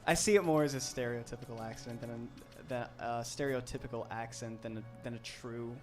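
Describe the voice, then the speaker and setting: A young man co-hosting a game stream, talking in an animated, rambling way. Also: mid-range voice, a little fast, distant mic. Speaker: streamer co-host. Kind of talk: casual storytelling on stream. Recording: stream with faint game music.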